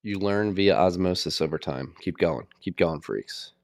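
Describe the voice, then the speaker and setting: A man with a very low, gravelly voice trades laid-back jokes on a podcast. He reads promo codes and teases his co-host. The sound is close and dry. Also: normal speed, a little mellow, no echo. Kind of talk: casual podcast banter.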